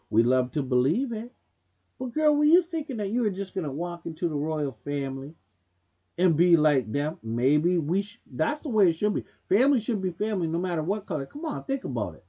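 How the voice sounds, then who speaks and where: A man's voice: high voice, sing-song, a little fast, highs cut off. A man hosting a commentary show, giving a blunt, preachy opinion monologue straight to viewers in loose casual speech. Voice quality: casual speech with dropped grammar.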